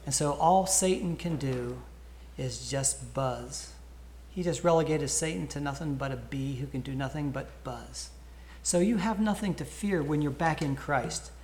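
A preacher talks earnestly to his congregation, stumbling over repeated words as he tells a story. His voice sits a little high for a man. The sound rings in an echoey church. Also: moderate pace, hardly any pauses, a little mellow, slight background noise. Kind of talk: sermon invitation.

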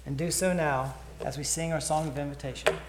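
A preacher talks earnestly to his congregation, stumbling over repeated words as he tells a story. His voice sits a little high for a man. The sound rings in an echoey church. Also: steady tone, fairly quick, heavy background noise. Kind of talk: sermon invitation.

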